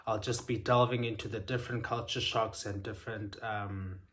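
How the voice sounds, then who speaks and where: A man's voice: lowish voice, fairly even intonation, moderate pace, fairly bright tone. A young man, chatting casually and upbeat to his vlog audience. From South Africa. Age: young adult. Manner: chatty, upbeat, frequent ums. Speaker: vlogger.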